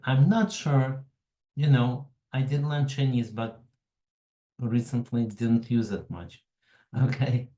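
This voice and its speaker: A man with a Russian accent hosts a webinar over a computer mic. He talks slowly and haltingly, with a mellow, relaxed tone, in an echoey room. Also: medium pitch. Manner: slow, halting, greets attendees by name. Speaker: webinar host. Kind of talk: casual online presentation.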